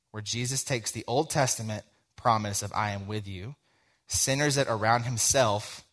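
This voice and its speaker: A young man delivers a sermon in a relaxed, conversational way, slipping into a personal story and acting out both sides of the dialogue. His voice sits a little on the low side. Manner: conversational, tells a story with quoted dialogue, frequent "like". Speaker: teacher giving a sermon.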